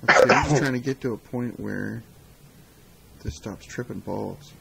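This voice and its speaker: A man with a low, gravelly voice co-hosts a casual live stream, joking wryly and muttering to himself. A faint hiss sits behind him. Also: normal speed, bright, forceful tone, poor audio. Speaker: podcast co-host.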